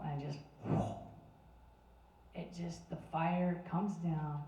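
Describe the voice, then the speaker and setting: A woman's voice: lowish voice, level tone, drawn-out words, dark tone. A woman retelling a Bible story in a casual, chatty sermon, with restarts and fillers. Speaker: Bible teacher. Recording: roomy sound from a distant mic.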